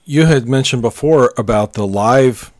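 A man's voice: medium pitch, a little slow, no echo, clean studio sound. A man in his fifties co-hosting a podcast in casual chat, easygoing and thinking aloud. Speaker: podcast co-host.

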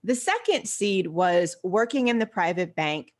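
An older woman speaks as an interview guest. She answers in measured, well-formed sentences at a fairly low pitch for a woman. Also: animated. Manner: articulate, measured storytelling. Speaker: guest, financial behaviorist.

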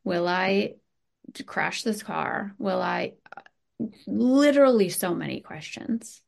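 A woman's voice: medium pitch, expressive, slow pace, vocal fry, a little mellow. A woman in her thirties, a podcast guest talking earnestly and animatedly, with many restarts. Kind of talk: candid conversational interview.

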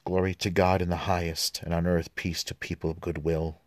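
A low-pitched man hosts a podcast, reading the Mass prayers and scripture aloud at a brisk pace. Between readings he drifts into relaxed asides full of fillers, and there's no echo on the recording.

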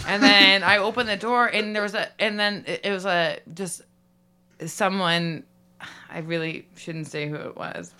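Bubbly rambling woman with a bright voice. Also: mid-range voice, fairly even intonation, unhurried, clean tone. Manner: rambling, bubbly, laughs often, many likes. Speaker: improv comedy guest. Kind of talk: improvised comedic storytelling.

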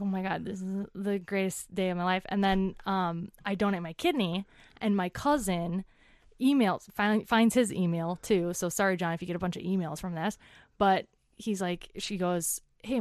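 A woman's voice: mid-range voice, moderate pace, darkish tone, dry recording, clean studio sound. A woman in her twenties, an interview guest, animatedly telling a chatty story and acting out what people said.

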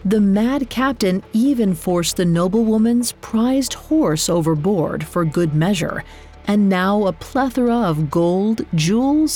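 Woman narrator, slow and measured, mid-pitched, dramatic storytelling. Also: darkish tone. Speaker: podcast narrator.

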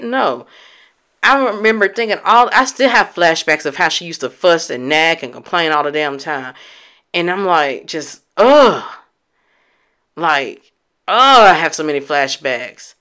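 Bright-voiced woman sharing candidly. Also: low voice. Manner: candid and emotional, swears casually; reflective, halting restarts. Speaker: vlogger. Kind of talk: personal storytelling.

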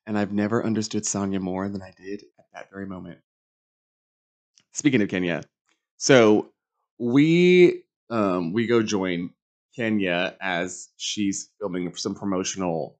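Sassy, animated man recapping reality TV. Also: unhurried, lo-fi sound. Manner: sassy, campy, animated storytelling with big pitch swings. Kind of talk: casual recap monologue.

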